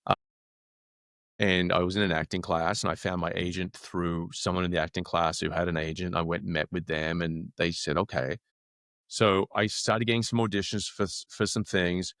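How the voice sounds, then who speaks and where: Low-voiced Australian man telling stories. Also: normal speed, no room sound, studio quality. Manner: animated, acts out quoted dialogue. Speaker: actor guest. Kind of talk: casual storytelling.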